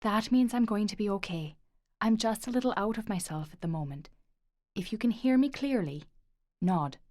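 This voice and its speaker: A woman's voice: mid-range voice, expressive, moderate pace, darkish tone, no room sound, clean studio sound, pitched above the performer's own voice, close to an everyday voice. A woman reading the part of a blunt, irritable father in an audiobook, curt and exasperated. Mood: reassuring.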